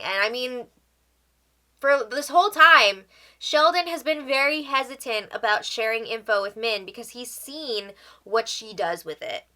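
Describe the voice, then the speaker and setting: A woman's voice: on the high side, pushed and bright. A woman hosting a casual reality show recap, chatty and tossing in opinionated asides.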